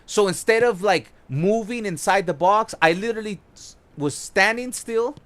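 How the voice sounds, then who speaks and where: Excited high-voiced gaming commentator man. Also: moderate pace. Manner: excited, profane, demonstrating moves as he plays. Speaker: gaming YouTuber. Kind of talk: casual gameplay tutorial commentary.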